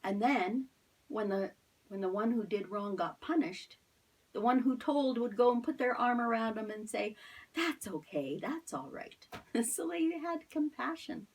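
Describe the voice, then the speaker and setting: A middle-aged woman tells a Bible story to children in an online Sunday school lesson, asking them questions as she goes. Her voice is breathy and a little husky. She sits some way back from the microphone, so she sounds distant. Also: on the high side, normal speed, a little mellow.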